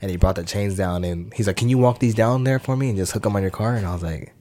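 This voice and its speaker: A man's voice: lowish voice, fast, mellow, no echo. A man, co-hosting a podcast, telling a story in a slangy, rambling way, swearing and acting out voices. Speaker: podcast co-host. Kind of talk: casual chat.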